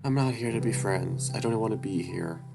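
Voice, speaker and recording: A sulky young woman, as a man reads her lines, flat and dismissive, plainly not wanting to be there. Her voice sits a little above his own low one, with loud music behind. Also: moderate pace, creaky. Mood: sullen. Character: sullen young woman, rude and withdrawn.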